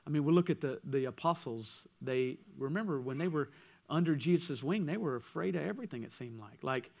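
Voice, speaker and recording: Man, pastor, sermon, loud then hushed, high voice. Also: a little fast, vocal fry. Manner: lively preaching, swings from loud to hushed. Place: church.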